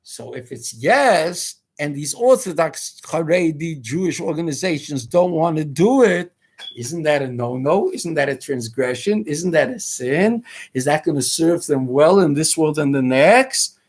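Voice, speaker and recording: A radio talk host with a somewhat high, husky, expressive voice speaks at a measured pace. His political monologue is emphatic and preachy, packed with rhetorical questions and Hebrew and Yiddish terms, and he mimics his critics' voices.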